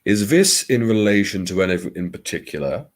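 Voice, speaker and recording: A man's voice: fairly low pitch, very animated, fairly quick. A man from Liverpool hosting a late-night live stream, chatting with viewers in a wry, theatrical, self-mocking way and swearing casually. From Liverpool, England.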